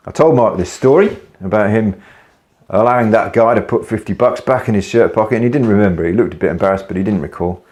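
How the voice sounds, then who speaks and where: Blunt business coach, lowish voice. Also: male voice, quick pace, darkish tone. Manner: blunt, swears casually, storytelling. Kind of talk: casual video talk to camera.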